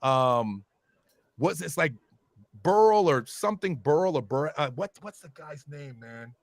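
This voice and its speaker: A man hosting a casual chat, animated and swearing freely, with loud bursts when he gets worked up. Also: a little high, slow, dry recording, clean studio sound.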